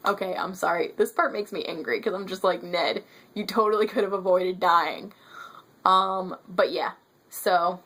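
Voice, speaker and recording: A woman talking casually to camera in a book review vlog, rambling, correcting herself and turning emphatic when annoyed. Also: mid-range voice. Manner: gestures with her hands while talking. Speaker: book vlogger.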